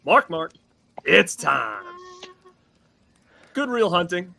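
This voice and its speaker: A man hosting a live stream from outdoors at night, excitable and calling out shout-outs to the chat. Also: sits high, very slow, vocal fry. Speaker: host.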